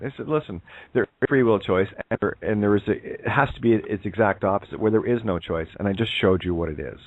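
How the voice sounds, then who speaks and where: A man's voice: on the low side, fast talker, no echo. A man co-hosting a talk show, rambling and full of fillers in casual chat. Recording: tinny phone line.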